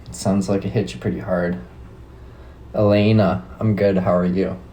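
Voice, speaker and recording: A man's voice: sits low, level tone, normal speed, dark tone, poor audio. A young Canadian man with a Canadian accent, hosting a casual live stream, chatting laid-back with viewers and swearing freely. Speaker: livestream host.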